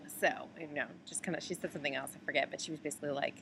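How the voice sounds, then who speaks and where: Her voice is deep with vocal fry, and she races along against a noisy background. This American woman is sending a friend a casual video message from an airport layover, chatting away with lots of "like" and "um."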